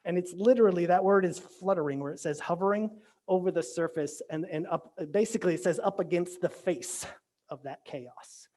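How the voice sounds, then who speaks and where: A man's voice: high-pitched, normal speed, darkish tone. A man giving a conversational virtual sermon as pastor, often asking "right?" and restarting his sentences. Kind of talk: casual sermon. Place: church or home, virtual sermon.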